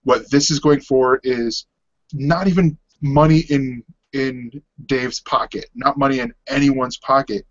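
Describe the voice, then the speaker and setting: A man chatting casually as a podcast co-host, rambling through his points with plenty of restarts. His voice sits at an ordinary pitch. The recording is dull and lo-fi, with a dry sound and no room echo. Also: fairly even intonation, measured pace. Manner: rambling, restarts often, laughs easily.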